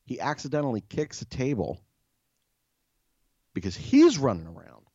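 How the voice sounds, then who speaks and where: A man's voice: mid-range voice, wildly swooping pitch, moderate pace, mellow, breathy edge, no echo, highs cut off. A man co-hosting a podcast, telling a story in a profane, exasperated rant. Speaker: podcast co-host. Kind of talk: casual storytelling.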